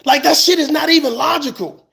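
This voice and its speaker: A man's voice: very high voice, brisk, creaky, bright, forceful tone. A man in a fired-up, profane rant, repeating words when he gets heated. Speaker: commentator. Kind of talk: impassioned rant.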